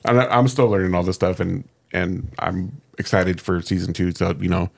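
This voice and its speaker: A man's voice: low voice, fairly even intonation, normal speed, creaky, husky. A man hosting and editing a podcast, talking in a casual, earnest and modest way. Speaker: podcast host and editor. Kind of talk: casual chat.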